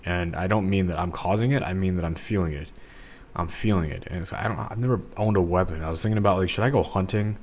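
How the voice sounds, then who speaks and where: Man, young adult, from the St. Louis area, very low voice, rambling solo podcast chat, lots of fillers. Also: quick pace, a little mellow, a little hiss or hum. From Missouri, St. Louis area. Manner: rambling, digressive, full of fillers and restarts. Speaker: podcast host.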